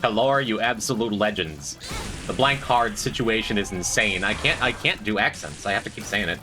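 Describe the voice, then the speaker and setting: A man's voice: fairly low pitch, lively intonation, moderate pace. A man streaming a game, chatting with viewers in a dry, joking way. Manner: dry, joking, talks to chat. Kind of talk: casual gameplay commentary. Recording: faint music behind.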